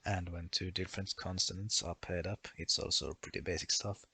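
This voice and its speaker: A man with a bright, forceful edge to a very deep voice narrates a lesson. He works methodically through the rules, giving one example after another. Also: steady tone, brisk, breathy edge, no room sound. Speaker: language explainer. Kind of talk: explanatory voice-over lesson.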